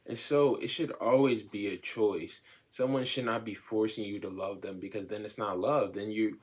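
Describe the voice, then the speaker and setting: A young man co-hosting a podcast, talking casually about relationships in an animated, slangy way, acting out the voices of people he quotes. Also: lowish voice, normal speed. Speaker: podcast co-host.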